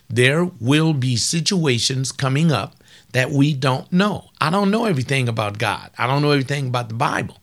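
A man's voice: medium pitch, expressive, normal speed. An older man preaching informally on a webcast, folksy and emphatic, repeating lines for stress.

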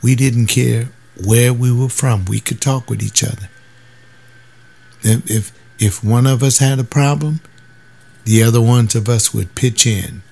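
A man's voice: medium pitch, fairly even intonation, a little slow, gravelly, dark tone. An older man and former soldier, talking in a casual, emphatic monologue and now and then mimicking other people's voices. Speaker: former soldier sharing views.

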